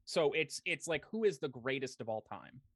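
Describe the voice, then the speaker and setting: A man's voice: medium pitch, expressive, moderate pace, a bit bright, breathy edge, no room sound. Rambling man on a dry call. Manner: rambling, hesitant, many fillers and restarts. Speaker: podcast co-host. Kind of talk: casual chat.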